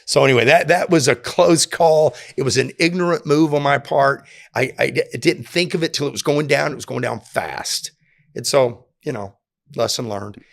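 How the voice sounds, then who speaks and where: A man telling a story from his time in prison in a casual interview, dropping low and quiet when he quotes others. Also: moderate pace, gravelly.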